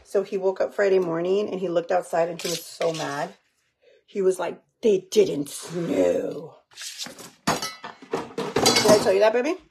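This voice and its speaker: A woman's voice: on the low side, normal speed, creaky, long pauses. A mother chatting casually in a cooking vlog, talking to her viewers and her child while she cooks at home. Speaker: home cook vlogger, mother. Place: home kitchen. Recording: background kitchen noise.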